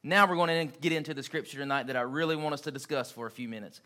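A man's voice: mid-range voice, fast talker, bright, forceful tone. A man preaching an evening sermon in an earnest, emphatic way, repeating key phrases for weight.

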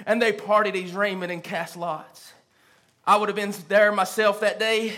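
A man preaching a fervent sermon in a church, rising to shouts and drawing out quoted lines. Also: sits high, little pitch movement, measured pace. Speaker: pastor.

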